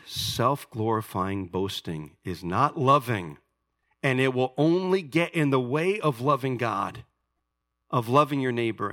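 A pastor preaching a sermon with emphasis, climbing high and loud when he reads scripture and dropping low and quiet to close a point.

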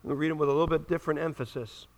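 Fervent high-voiced male preacher. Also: fairly even intonation, very fast. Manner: fervent, rising and falling emphasis, asks the congregation to respond. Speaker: pastor. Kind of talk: sermon.

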